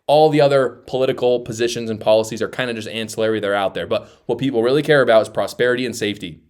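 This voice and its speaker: A man's voice: mid-range voice, rapid-fire, darkish tone. A man hosting a political commentary show, blunt and mocking in his opinions.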